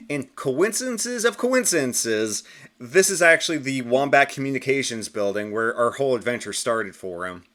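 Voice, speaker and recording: Guy hosting a comic recap, lively pitch, chatty, self-correcting. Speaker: comic review host. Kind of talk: casual comic review.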